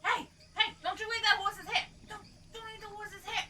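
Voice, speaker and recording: A woman's voice: very high voice, steady tone, moderate pace, pushed and bright, voice pushed up, full character voice. A woman playing a tall scolding heroine.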